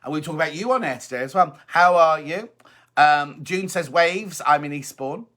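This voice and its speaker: Bright, chatty man hosting. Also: fairly high pitch, moderate pace. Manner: chatty, teasing and affectionate, reads messages aloud. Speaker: host. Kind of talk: casual live-stream chat reading out viewer comments.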